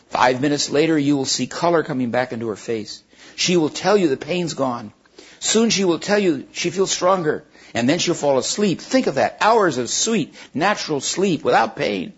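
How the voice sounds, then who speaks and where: A man reading a storybook aloud, voicing a proud female witch who coaxes and tempts in a husky voice. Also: on the high side, voice pushed up. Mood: persuasive. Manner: coaxing, wheedling persuasion. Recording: dull lo-fi recording.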